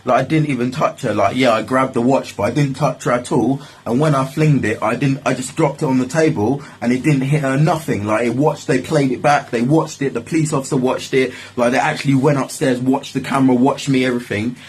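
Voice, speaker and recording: A man's voice: medium pitch, fairly quick, hardly any pauses, husky, rough recording. A young man telling a story in a casual, rambling way, swearing often and leaning on filler phrases. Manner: swearing, rambling, repeats "like, literally".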